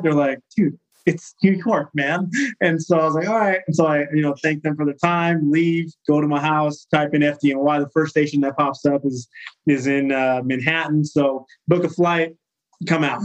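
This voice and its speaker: Man, 30s, from California, firefighter guest, slightly high voice, lively storyteller, casual interview. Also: poor audio. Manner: animated, acts out quoted voices.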